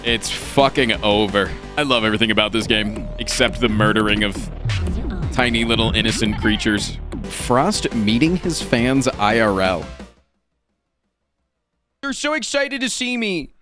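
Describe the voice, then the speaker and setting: A man streaming a card game, reading card text aloud and reacting with animated, profane commentary. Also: lowish voice, normal speed, music in the background. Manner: animated and profane, swinging between flat card reading and excited outbursts.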